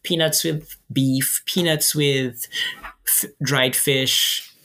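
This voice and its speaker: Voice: medium pitch, steady tone, drawn-out words, sharp tone. A guest from Uganda, chatting in an interview and explaining things step by step with frequent restarts. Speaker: guest, filmmaker. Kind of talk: casual interview chat.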